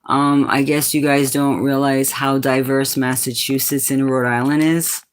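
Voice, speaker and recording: A woman from New England hosting a casual livestream, talking back to comments from chat in a low, sultry voice. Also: flat delivery, measured pace. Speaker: livestream host.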